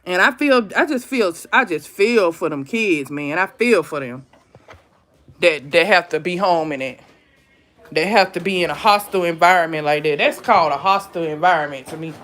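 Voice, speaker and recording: A woman's voice: on the low side, moderate pace. A woman in her thirties hosting a live stream, talking casually and animatedly to her viewers about her kids' online classes. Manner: animated storytelling, talks straight to viewers as "y'all".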